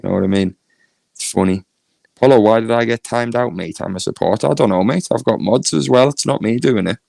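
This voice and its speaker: A man's voice: on the low side, a little fast, vocal fry, warm tone, dry recording. A man with a Northern English accent chatting casually on a live stream, laughing often and reading chat comments aloud. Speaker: YouTube streamer.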